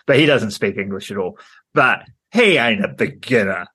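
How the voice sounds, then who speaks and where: A man's voice: on the low side, animated, normal speed, bright, forceful tone, slightly rough. A man co-hosting a podcast, telling a rambling story in casual chat with lots of fillers and frequent laughter. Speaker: podcast co-host.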